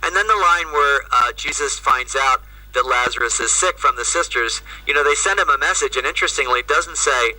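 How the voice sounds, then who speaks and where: Male priest, lecturing remotely over a video call, bright, edgy tone, off-mic, chatty with "right?" tags. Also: mid-range voice, brisk, few pauses, recorded from a distance, low-quality recording. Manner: conversational, frequent "right?" and "you know". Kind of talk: lecture to an audience.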